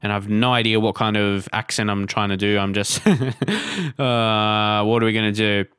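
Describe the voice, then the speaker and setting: Young guy playing a football manager game live, talks it through, gets annoyed and yells, dry close sound. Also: fairly low pitch, moderate pace, smooth, no room sound. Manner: frustrated, swears, outbursts at the game. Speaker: gaming channel host. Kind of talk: live let's play commentary.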